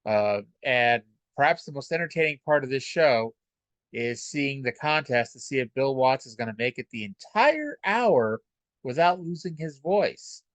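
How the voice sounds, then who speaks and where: A man's voice: mid-range voice, expressive, measured pace, no room sound. A man talks through an old wrestling show in a loose, rambling podcast voice, wry and full of fillers. He sits close to the mic in a dead, dry space. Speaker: podcast host reviewing old wrestling shows. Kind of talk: casual solo podcast recap.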